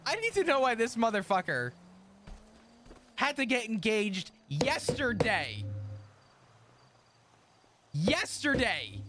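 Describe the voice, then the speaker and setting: A man's voice: extremely high pitch, huge pitch swings, slow pace, long pauses, noisy background. A man streaming a roleplay game in character, chatting in a profane, ranting way and laughing often. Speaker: streamer role-playing his character.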